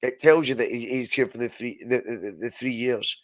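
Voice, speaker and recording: A man co-hosting a football podcast over a video call, talking in an animated way and swearing freely. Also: mid-range voice, brisk, no room sound. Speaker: podcast co-host.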